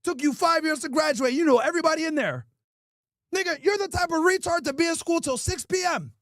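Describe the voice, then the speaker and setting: A man's voice: extremely high pitch, brisk, a bit bright, no room sound, studio quality. A male host doing an improvised comedy roast, crude and mocking, hurling insults.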